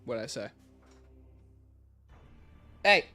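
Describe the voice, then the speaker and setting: A man's voice: extremely slow, bright, forceful tone, faint music behind. A man hosting a casual livestream, reading viewer chat aloud and answering with blunt, opinionated takes. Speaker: livestream host.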